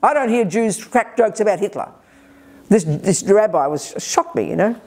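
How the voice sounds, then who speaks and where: A woman's voice: mid-range voice, normal speed. An older woman, a Buddhist teacher leading a retreat, talking directly and energetically to a group and taking questions. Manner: energetic, direct, lively emphasis. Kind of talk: Dharma teaching with audience questions. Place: retreat hall.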